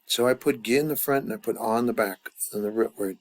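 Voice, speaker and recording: A man's voice: fairly low pitch, a little fast. A man teaching a grammar lesson at a chart, thinking aloud with many fillers and restarts. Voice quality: gravelly. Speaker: language teacher.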